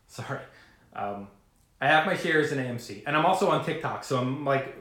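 A man talking casually to camera about his investing, rambling and animated, swearing now and then. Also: mid-range voice, normal speed, roomy sound. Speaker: retail investor vlogger.

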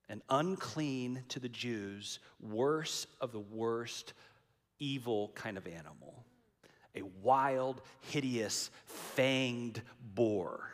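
A man preaching a sermon in a dramatic, emphatic way, repeating key lines for weight. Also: medium pitch. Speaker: pastor. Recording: long hall reverb.

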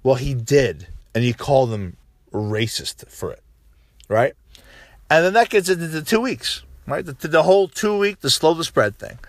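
A man's voice: on the high side, lively intonation, normal speed, dry recording. Profane ranting man, dry close sound. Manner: frequent "right?" tags and restarts. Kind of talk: casual political monologue.

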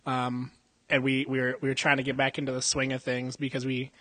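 Young guy podcasting from a gym, husky voice, swears nonstop and cracks himself up. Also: medium pitch, monotone, a little fast, sharp tone, no room sound. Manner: profane, rambling storyteller who laughs often. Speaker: podcast co-host. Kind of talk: casual chat. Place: indoor jiu-jitsu gym. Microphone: podcast mic.

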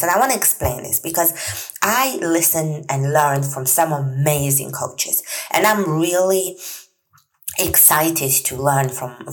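Low-voiced woman hosting a chatty podcast. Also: rough recording. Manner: chatty and earnest, many fillers and soft laughs. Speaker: podcast host. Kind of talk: solo podcast monologue.

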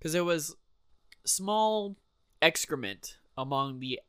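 A man in his thirties co-hosting a casual podcast, telling a story in an unhurried way and laughing easily. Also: on the high side, animated, fairly bright tone, smooth, no room sound. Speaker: podcast co-host. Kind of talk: casual chat.

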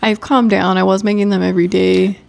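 A woman's voice: medium pitch, flat delivery, a little fast, gravelly, darkish tone. Stuffy-nosed young woman chatting. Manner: rambling, self-interrupting, laughs often. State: stuffed-up nose. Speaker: podcast co-host. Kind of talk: casual chat.

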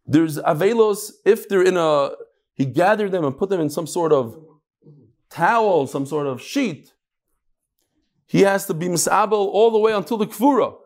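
A man giving a casual Talmud lesson, explaining the text and telling jokes with animated storytelling. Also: normal speed. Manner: animated storytelling, lively shifts in pitch. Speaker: Talmud teacher.

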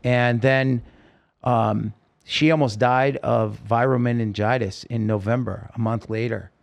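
A man's voice: mid-range voice, fairly even intonation, measured pace, gravelly. A man telling his story as a podcast guest, rambling and emotional, with many fillers. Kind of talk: casual storytelling interview.

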